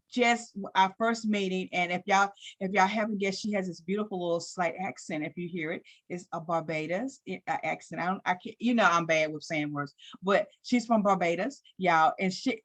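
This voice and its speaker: A woman's voice: medium pitch, a bit bright. Enthusiastic woman hosting a live interview. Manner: enthusiastic, unscripted, many affirmations. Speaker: host.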